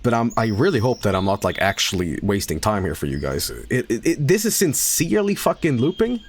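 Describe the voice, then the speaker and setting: A man streaming a game, chatting casually and rambling through a story, swearing and laughing loudly. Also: on the low side, sing-song, fairly quick, slightly rough. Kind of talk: casual live-stream chat while gaming.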